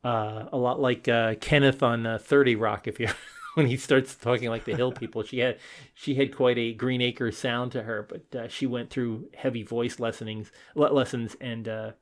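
A man's voice: medium pitch, fairly even intonation, moderate pace. A man co-hosting a casual film podcast, rambling and restarting his sentences, with a chuckle now and then. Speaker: podcast co-host.

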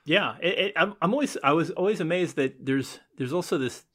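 An American man co-hosting a podcast, talking in a rambling, halting way with many restarts. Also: fairly high pitch, a bit bright. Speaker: podcast co-host. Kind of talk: casual chat.

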